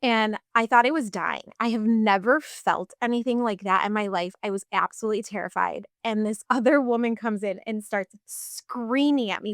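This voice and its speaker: A podcast guest in her thirties recounts her personal story casually, full of fillers, talking at a normal speed with hardly any pauses. Her voice is medium in pitch, and the recording is clean studio sound without room sound.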